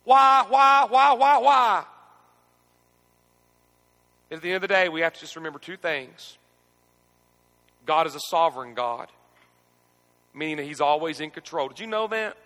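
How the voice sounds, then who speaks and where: A man preaching a sermon, asking the congregation to repeat scripture with him and moving between quiet reflection and emphatic questioning. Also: on the high side, lively intonation, brisk, pauses often, in a large hall. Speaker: pastor. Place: church.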